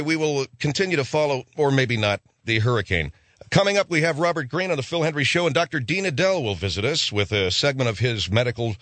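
Rambling comic radio host, dry mic. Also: male voice, medium pitch, no echo. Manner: rambling, animated, slips into mock voices. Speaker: radio talk show host. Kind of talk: comedic radio monologue.

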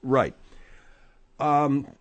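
A man's voice: mid-range voice, drawn-out words, dull audio. A man in his sixties hosting a radio talk show, rambling and joking in a sardonic way with his co-hosts. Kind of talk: casual radio banter.

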